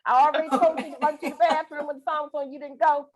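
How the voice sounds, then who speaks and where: A woman's voice: high voice, level tone, quick pace, a crowd in the background. A middle-aged woman leading a guided breathing and laughter class over a video call, playful, folksy and coaxing. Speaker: laughter exercise instructor.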